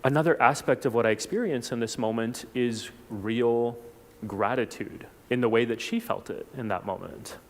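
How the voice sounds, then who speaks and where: A man from South Texas giving a reflective personal talk at a church forum, unhurried, with small restarts. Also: medium pitch. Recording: long hall reverb.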